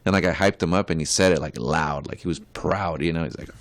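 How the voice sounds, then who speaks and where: A man's voice: very deep voice, fast, creaky, no echo. A young adult man, a podcast co-host and musician, chatting casually in a rambling, profane way with many filler words.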